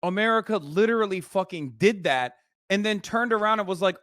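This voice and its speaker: A man's voice: sits high, lively intonation, fairly quick, a bit bright, no echo, studio quality. A man streaming his reaction to a video, ranting animatedly and sarcastically with lots of swearing. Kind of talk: casual profane commentary.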